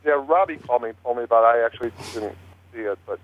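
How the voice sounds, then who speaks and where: A man's voice: mid-range voice, rapid-fire. Man on a tinny phone line. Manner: rambling, many fillers and restarts. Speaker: paranormal investigator guest. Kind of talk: casual chat on a phone-in talk show.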